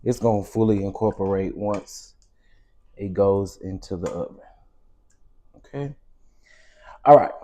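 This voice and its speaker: A man's voice: fairly low pitch, measured pace, long pauses, dark tone. A man with a Southern American accent hosting a casual cooking stream from his home kitchen, chatty and calling viewers "baby" and "y'all". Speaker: cooking show host.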